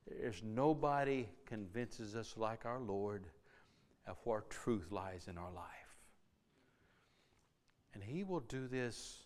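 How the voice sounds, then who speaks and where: Impassioned preacher with a smooth voice. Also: male voice, fairly low pitch. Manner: swings between impassioned pleading and soft, hushed asides. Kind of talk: sermon.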